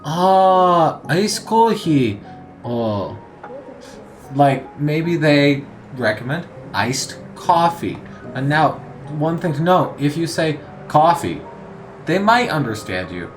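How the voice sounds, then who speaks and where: A man talks through a language lesson in a relaxed, explanatory way, pausing often with "uh"s. His voice sits a little high and his delivery is unhurried. Faint music plays softly in the background. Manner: relaxed and explanatory, many "uh"s and pauses. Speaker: Japanese language teacher. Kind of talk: casual spoken lesson.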